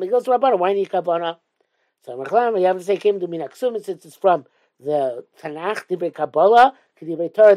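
Man with a lilt, mellow voice. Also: high-pitched. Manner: reads Hebrew text then explains in English, halting with fillers. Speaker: Torah teacher. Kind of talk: text study lesson.

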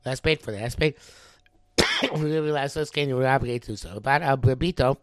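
A middle-aged man works through a religious text, reading each phrase and then translating it. He talks in a halting way, full of ums and restarts, at an ordinary pitch. The sound is dry and close, no room behind it. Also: dry recording. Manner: reads Hebrew phrases then translates them, halting with many fillers. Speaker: Torah teacher.

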